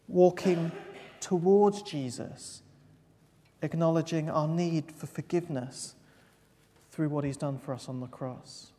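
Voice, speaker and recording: A preacher delivering an earnest, emphatic sermon, pausing to stress key words. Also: medium pitch, mellow. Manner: earnest, emphatic, with pauses for weight. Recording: long hall reverb.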